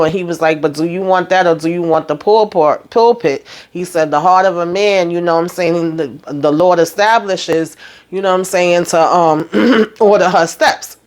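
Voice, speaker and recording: A woman recapping a TV episode in a casual, animated way from a hot room at home. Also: lowish voice. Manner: chatty, animated, talks to viewers with "honey" and "okay". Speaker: TV recap host.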